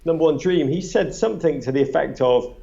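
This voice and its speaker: A man's voice: a little high, fairly quick, creaky, warm tone, lo-fi sound. A man who makes a podcast, telling chatty stories to a live audience, full of restarts and acted-out quotes. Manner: chatty, many restarts, acts out quotes with a raised voice. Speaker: podcast creator on a live panel. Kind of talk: animated storytelling at a live event. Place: small event space before a live audience.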